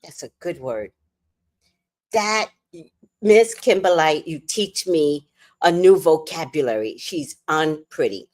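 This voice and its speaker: A woman's voice: low-pitched, animated, slow, a little mellow. A woman hosting a casual late-night livestream, talking profanely, laughing often and reading viewer comments aloud. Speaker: livestream host.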